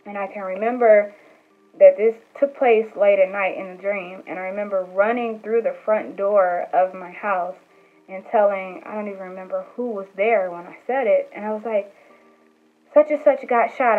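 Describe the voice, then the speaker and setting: A young woman vlogger telling a personal story in a casual, animated way, with lots of "like" and "um" and acted-out quotes. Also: medium pitch, a little fast. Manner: animated retelling with acted quotes, many fillers. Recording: tinny phone-like sound with faint music.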